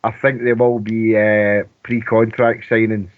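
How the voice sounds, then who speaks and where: A man's voice: lowish voice, little pitch movement. A Scottish man chatting casually about football on a radio phone-in, rambling and restarting his sentences. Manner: rambling, halting with many restarts. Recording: tinny phone line.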